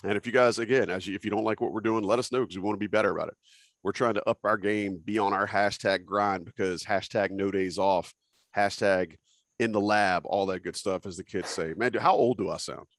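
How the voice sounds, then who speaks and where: Low-pitched dude hosting a sports podcast, jokey and loose, dry close mic. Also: male voice, fairly even intonation, fairly quick, no echo. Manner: joking, loose, reads out listener names. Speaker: podcast host. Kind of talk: casual sports podcast chat.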